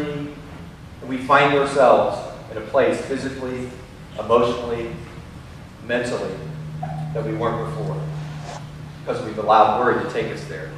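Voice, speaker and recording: Preacher in a big echoing church hall. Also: male voice, medium pitch, a bit bright, a little hiss or hum. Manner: earnest, conversational preaching with repetitions. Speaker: pastor. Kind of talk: sermon. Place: church sanctuary. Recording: echoey hall from far off.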